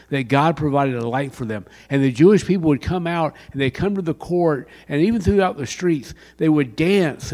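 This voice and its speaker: An older man preaching a sermon, dropping to a hush and then rising to a shout. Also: medium pitch. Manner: dramatic swings from hushed to shouting. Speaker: pastor. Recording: long hall reverb.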